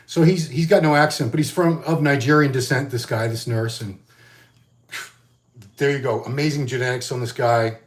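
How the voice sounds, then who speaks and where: A man's voice: mid-range voice, fairly quick. A man, chatting casually and rambling in a solo vlog as a bodybuilding magazine host. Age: 50s. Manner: rambling, conversational, frequent fillers and restarts.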